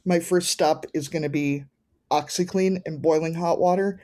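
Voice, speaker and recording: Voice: mid-range voice, fairly even intonation, normal speed, darkish tone. A podcast host chatting casually with wry, folksy humor. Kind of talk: casual chat.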